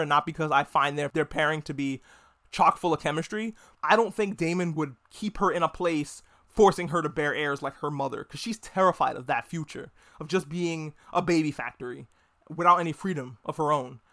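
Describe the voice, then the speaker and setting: High-voiced man in a profane, joking recap. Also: fairly bright tone. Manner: profane, joking, acts out characters in quick voices. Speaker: podcast host reviewing a TV episode. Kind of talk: casual recap with acted-out quotes.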